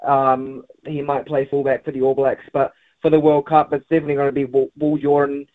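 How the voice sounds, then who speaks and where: A man's voice: mid-range voice, little pitch movement, fairly quick. A man calling in to a sports radio show, talking rugby with lots of ums and uhs. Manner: hesitant, many fillers. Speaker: caller. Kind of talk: phone-in sports chat. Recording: phone line.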